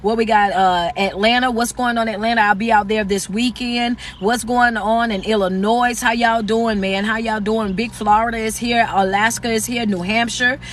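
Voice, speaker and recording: Loud, high-voiced man preaching motivation. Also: steady tone, a little hiss or hum. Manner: loud, fast, aggressive, commanding delivery. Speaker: motivational speaker. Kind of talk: live-stream motivational talk.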